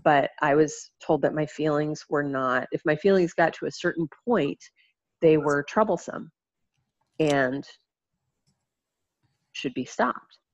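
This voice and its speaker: A woman in casual conversation, speaking reflectively about childhood and family messages, pausing and restarting often. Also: deep voice, no echo, highs cut off. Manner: reflective, halting, many restarts and fillers.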